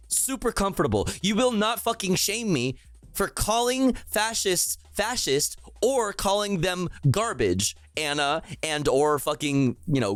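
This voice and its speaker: A man's voice: a little high, no echo. A young man streaming live, ranting about politics in a profane, exasperated way, with lots of repetition.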